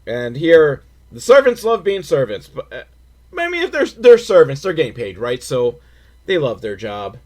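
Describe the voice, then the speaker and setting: A man's voice: fairly high pitch, wildly swooping pitch, normal speed, darkish tone. A man in his forties giving a sarcastic, profane, rambling commentary on an old film. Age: 40s. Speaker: film reviewer.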